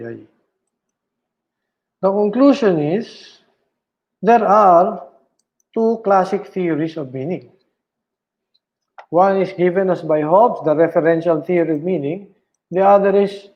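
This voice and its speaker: A man lectures on philosophy at a slow, careful pace, repeating each term and checking in with his listeners. His voice sits high for a man. The recording is dull and lo-fi. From Philippines. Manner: slow and deliberate, repeating key terms and checking with "all right?". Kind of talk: online lecture.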